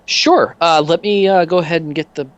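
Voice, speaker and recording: A man voicing a polite young woman bank teller in a tabletop game, with a high, chirpy delivery. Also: normal speed, highs cut off, lightly acted.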